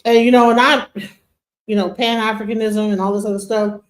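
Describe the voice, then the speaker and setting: A woman's voice: on the high side, steady tone, a little fast. A woman hosts a livestream panel in a casual, conversational way with many fillers. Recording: echoey room.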